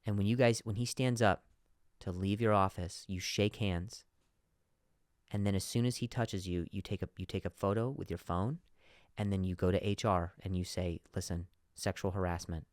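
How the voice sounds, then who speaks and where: A man's voice: low voice, fairly even intonation, moderate pace, no echo, clean studio sound. A man hosting a comedy podcast, telling a bit with many restarts and repeated words, playing the people he describes. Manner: acts out quoted bosses and workers in shifting voices. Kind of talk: comedic monologue.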